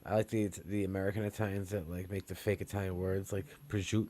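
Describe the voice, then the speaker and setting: A man's voice: sits low, flat delivery, quick pace, mellow. A man co-hosting a comedy podcast, teasing and mocking in crude, casual banter. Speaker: podcast co-host.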